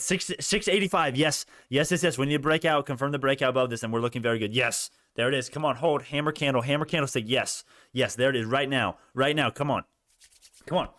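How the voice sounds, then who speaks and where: A young man hosting a stock market livestream, talking straight to his chat viewers with lots of restarts and growing excitement. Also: medium pitch, fast, no echo, clean studio sound. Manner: animated, talks to chat viewers, many restarts, rising excitement. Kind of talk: excited live market commentary.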